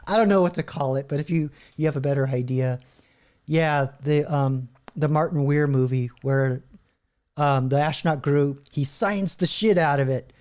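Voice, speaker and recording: A man's voice: mid-range voice, measured pace, long pauses, darkish tone. A middle-aged man hosting a casual reaction video, chuckling often as he reads chatbot answers aloud. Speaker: channel host.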